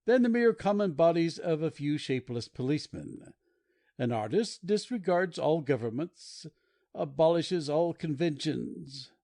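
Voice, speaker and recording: A man's voice: on the high side, dark tone, dry recording, clean studio sound. A man voicing a red-haired anarchist poet who mocks and declaims grandly, read as audiobook dialogue.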